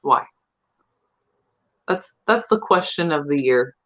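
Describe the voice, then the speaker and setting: A woman's voice: low-pitched, lively intonation, takes it slowly, a bit bright. A young adult woman chatting candidly as a podcast co-host. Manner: candid, chatty, laughs often. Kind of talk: casual chat. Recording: dull lo-fi sound.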